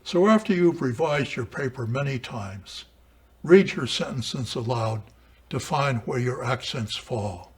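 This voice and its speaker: A man reading a lesson on composition aloud in a measured, deliberate way. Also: medium pitch, slightly rough. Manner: measured, deliberate, with dramatic emphasis on quotations. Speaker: writing teacher. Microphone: camera mic.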